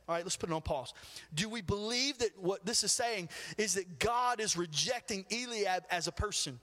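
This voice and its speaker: A man preaching a sermon, retelling a Bible story with acted quotes in an animated, storytelling manner. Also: high-pitched, big-room sound. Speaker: pastor.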